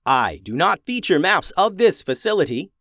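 A man puts on an exaggerated, high-pitched voice, raised above his natural one, to play a stiff, formal robot helper with a matter-of-fact mood. The delivery is very animated, at normal speed and a bit bright, captured as a dry, clean studio recording.

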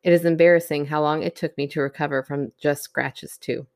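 Podcast co-host, woman with a low voice, reads listener stories and teases. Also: steady tone, fairly quick, darkish tone, dry recording, studio quality. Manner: laughs easily, teasing. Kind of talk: casual chat, reading listener stories.

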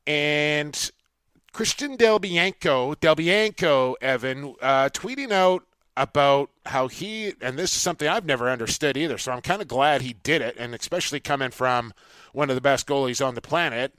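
A man hosting a sports talk show, chatting in an energetic, emphatic way with the odd "uh". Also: mid-range voice, normal speed, clean tone, no echo. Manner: energetic, emphatic, says "uh" now and then. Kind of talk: casual sports radio chat.

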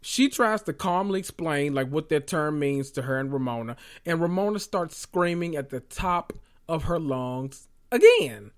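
A man hosting a podcast, recapping reality TV in a loud, profane, animated way with sudden high squeals. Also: unhurried. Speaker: podcast host.

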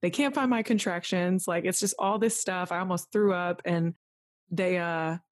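A woman with a slightly low voice recounts a frightening personal story as a podcast guest. Her telling is animated and rambling, leaning on "like" and acting out other people's lines, and the sound is close and dry. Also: normal speed, no room sound. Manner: animated, full of "like", acts out quoted voices. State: tearful at moments.

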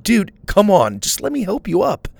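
Man voicing an earnest young hero, pleading tone, storybook, gravelly, husky. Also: high-pitched, huge pitch swings, normal speed, dry recording, pitched above the performer's own voice, full character voice.

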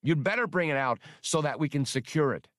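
A fussy, anxious skip tracer squawks high and shrill, as a man reads him aloud. The voice sits well above a plain narrating tone and jumps about. It sounds dry and close. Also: expressive, a little fast, a bit bright, no echo.

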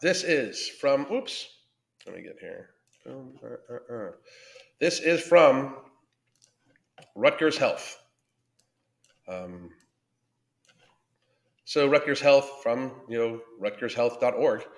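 A man's voice: mid-range voice, animated, slow pace, creaky, pauses often. A man hosting a livestream as a weight-loss coach, talking casually and bluntly with constant swearing, and greeting his viewers by name. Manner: blunt and heavily profane.

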